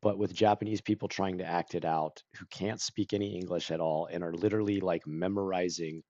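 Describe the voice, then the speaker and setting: A man chatting casually on a stream, rambling with lots of "like" and clearing his throat and coughing now and then. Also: sits low, fairly even intonation, a little fast, darkish tone, no room sound, muffled recording. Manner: rambling, full of "like" and self-corrections.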